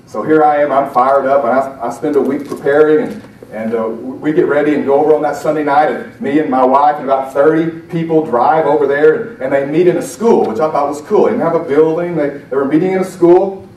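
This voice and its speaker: A middle-aged man from Alabama giving an animated, self-deprecating storytelling talk to a conference audience. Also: on the high side, brisk, far from the mic. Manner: animated, self-deprecating, acts out quoted voices. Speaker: motivational speaker. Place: conference breakout room. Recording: echoey hall, speaker off-mic.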